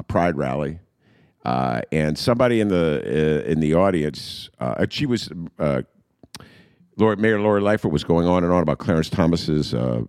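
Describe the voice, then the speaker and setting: A middle-aged man riffs on politics as a podcast host, sarcastic and mocking. His voice is low and gravelly, and it swings widely in pitch. The recording is dry and close. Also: darkish tone, dry recording. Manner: sarcastic, riffing, mocking quotes in funny voices. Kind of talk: casual political commentary.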